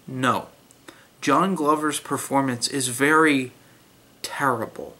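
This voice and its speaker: A man's voice: medium pitch, slow pace, pushed and bright. A young man giving a blunt, critical spoken book review in a casual way, with many fillers and restarts.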